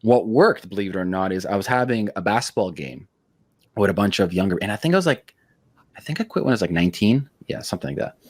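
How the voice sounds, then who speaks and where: Low-voiced, blunt, profane man. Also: animated, fast talker, husky, dry recording. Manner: blunt, profane, high-energy storytelling; self-described hyperactive. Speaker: podcast host. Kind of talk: casual interview chat.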